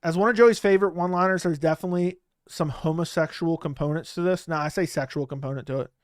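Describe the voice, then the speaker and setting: Blunt slangy male streamer, crisp dry voice. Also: on the high side, quick pace, no room sound. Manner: loose, slangy, blunt, often trails off. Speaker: livestream host. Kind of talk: casual live-stream chat reading viewer comments. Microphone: studio microphone close up.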